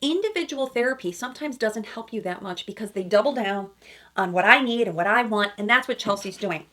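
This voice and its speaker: A woman's voice: medium pitch, expressive, brisk, pushed and bright. A woman couples therapist giving emphatic reaction commentary, often checking in with asides like "okay?" and "right?". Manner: emphatic, acts out quoted lines in other voices.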